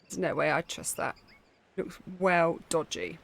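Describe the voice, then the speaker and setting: A woman's voice: deep voice, sing-song, a little slow, gravelly, slight background noise. A woman chatting over her gameplay with sarcastic asides. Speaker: gaming streamer. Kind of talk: let's play commentary.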